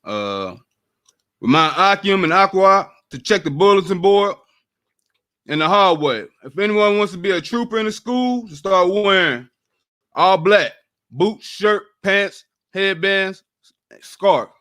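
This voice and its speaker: High-pitched guy reading church class announcements, brisk and listy. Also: expressive, fairly bright tone.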